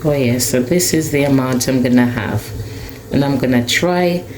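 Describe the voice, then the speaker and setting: A woman's voice: rumbling low, normal speed. A woman chatting to viewers while she cooks in her home kitchen, tasting and savoring the food. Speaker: cooking vlogger. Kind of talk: casual cooking vlog talk to viewers. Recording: echoey kitchen with cooking noise. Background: pot boiling.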